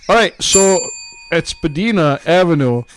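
A man's voice: on the high side, animated, a little slow, slight background noise. A man putting on a folksy, beer-loving Canadian newsreader with a Canadian accent, ending lines with "eh". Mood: jokey. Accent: put-on Canadian. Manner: folksy, tags sentences with "eh". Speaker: co-host. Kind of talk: comic podcast bit.

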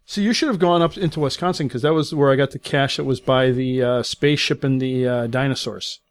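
A man co-hosting a podcast in casual chat, dropping quick deadpan jokes. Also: medium pitch, clear, resonant tone, no room sound. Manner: quick deadpan quips, teasing. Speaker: podcast co-host.

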